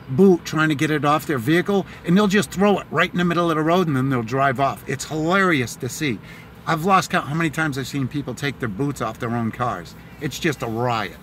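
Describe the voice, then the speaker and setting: A man's voice: fairly high pitch, animated, fairly quick, fairly bright tone, a little hiss or hum. A middle-aged man with a mixed Boston and Tennessee accent, rambling chattily with many fillers on a casual live stream while driving in a car. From Massachusetts, Boston area. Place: inside a car in the city.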